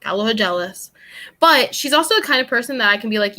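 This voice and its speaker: A woman's voice: medium pitch, lively intonation, quick pace, sharp tone. A young woman from New York, co-hosting a podcast and chatting casually, blunt and rambling, laughing often. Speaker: podcast co-host. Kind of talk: casual chat.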